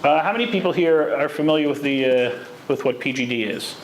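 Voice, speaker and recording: Lecturer, male, mid-high voice, storytelling delivery, echoey hall with faint noise. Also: brisk. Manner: storytelling, Hebrew terms woven in. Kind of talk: lecture on Jewish law.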